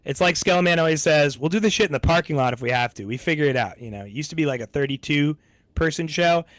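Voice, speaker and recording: A man's voice: a little high, animated, quick pace, a bit bright, dry recording. A man streaming to his audience in rambling, laid-back casual chat, swearing freely.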